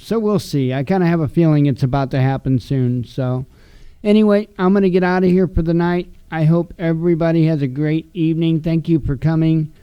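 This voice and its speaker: A man hosting his channel, signing off the stream in a relaxed, friendly, halting way. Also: a little high, clean tone, dry recording. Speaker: channel host. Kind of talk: casual sign-off. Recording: dull dry sound.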